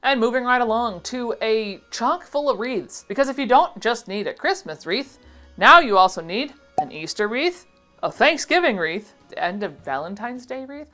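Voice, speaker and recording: A woman's voice: a little high, very animated, normal speed, a bit bright, faint music behind. A young adult woman giving a casual, sarcastic reaction commentary as a vintage seller vlogger. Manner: playful, sarcastic asides.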